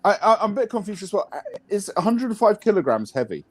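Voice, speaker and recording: A man, co-hosting a casual chat, wry and quick to laugh. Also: high-pitched, very animated.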